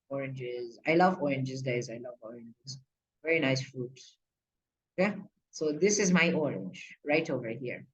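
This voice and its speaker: A woman's voice: on the low side, a little hiss or hum, rough recording. A young woman in a casual screen-recorded math tutorial, chatty and playful, checking in often with the viewer. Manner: chatty, playful, many okays and asides. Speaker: student explaining a lesson.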